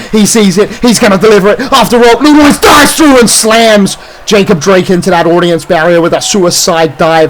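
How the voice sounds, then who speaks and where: A man calling a wrestling match play by play, shouting out near-falls and big moves. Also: a little high, slight background noise, low-quality recording. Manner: rapid move-by-move calls, shouting near-falls. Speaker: play-by-play commentator. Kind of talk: excited wrestling commentary.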